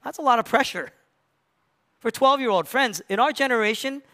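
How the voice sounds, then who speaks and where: A man preaching a sermon. He acts out voices from the story and drops from loud emphasis to hushed near-whispers. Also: very high voice, expressive, normal speed. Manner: acts out quoted voices of Mary and Jesus. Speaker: pastor.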